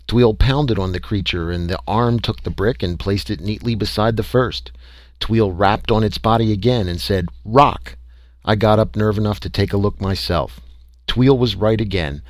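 A man narrating a first-person story aloud in a measured, conversational way. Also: lowish voice, darkish tone, no room sound. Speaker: audiobook reader.

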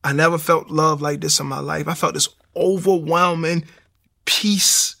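Gravelly man telling his story. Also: fairly high pitch, flat delivery, unhurried, sharp tone. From Baltimore, USA. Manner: storytelling with acted-out dialogue. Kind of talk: personal testimony.

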